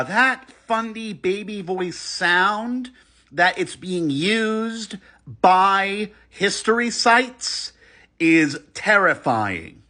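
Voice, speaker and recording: A man giving a response commentary, animated and emphatic, critical and earnest, sometimes restarting his words. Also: sits high. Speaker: video commentator.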